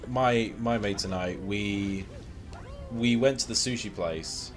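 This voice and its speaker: A man's voice: fairly low pitch, slow pace, soft background music. A young man, host of a gaming stream, chatting casually with stammers, jokes and swearing. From United Kingdom. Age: young adult. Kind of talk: casual chat while gaming.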